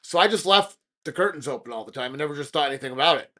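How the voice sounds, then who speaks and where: A man hosting a podcast, telling a personal ghost story in an animated, dramatic way. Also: on the high side, rapid-fire. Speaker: podcast host. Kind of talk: casual storytelling.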